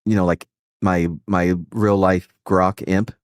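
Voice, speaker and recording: A man's voice: low voice, flat delivery, slow pace, no room sound, studio quality. A man hosting a casual live stream who rambles and swears, with frequent restarts. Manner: rambling and profane, with many restarts and self-interruptions. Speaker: streamer and host.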